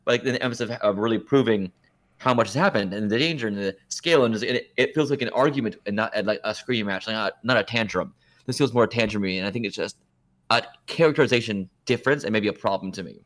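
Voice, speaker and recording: A man's voice: on the low side, fast, a bit bright. A man co-hosting a podcast, chatting casually and rambling through his opinions, often correcting himself mid-sentence. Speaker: podcast co-host. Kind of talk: casual chat.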